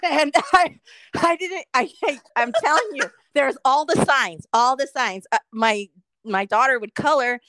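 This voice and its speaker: A middle-aged woman co-hosting a casual podcast, telling a story with constant swearing and lively animation. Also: high voice, measured pace, dry recording. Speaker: podcast co-host.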